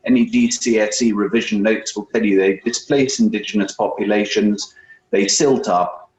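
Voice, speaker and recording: A man, a campaign guest, explaining his answer briskly on a video call. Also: fairly low pitch, fairly even intonation, darkish tone. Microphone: computer mic on a video call. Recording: dull, roomy video-call audio.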